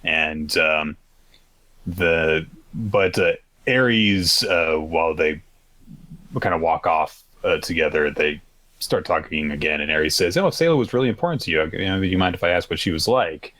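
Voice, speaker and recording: A man co-hosting a podcast, casually recapping manga chapters, rambling and acting out characters' lines in quick pitched-up quotes. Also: fairly bright tone, no echo. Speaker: podcast co-host.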